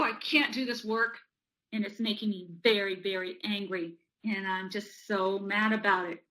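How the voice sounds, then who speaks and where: A woman's voice: mid-range voice, natural voice, poor audio. A woman voicing a schoolchild who is frustrated with homework, speaking as the child in first person. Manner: complaining, then talking self into calm.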